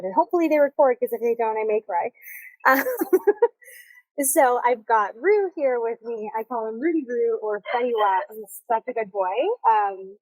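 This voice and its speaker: A woman hosts a solo podcast, speaking close to the mic in a chatty, upbeat, encouraging manner, recorded on video. Her voice is on the high side, there's no echo, and the recording quality is low.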